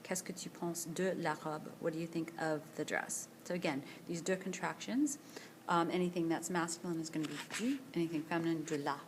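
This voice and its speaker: A woman teacher recording a screencast vocabulary lesson, speaking slowly and carefully and repeating each word for pronunciation practice. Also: deep voice, fairly even intonation, noisy background. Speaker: French teacher. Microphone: tablet screencast voice-over.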